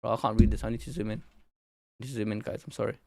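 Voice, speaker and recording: A young man hosting an anime channel, reacting live to a manga chapter in an excitable, slangy, exclamatory way. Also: on the low side, fast, vocal fry, no room sound, studio quality.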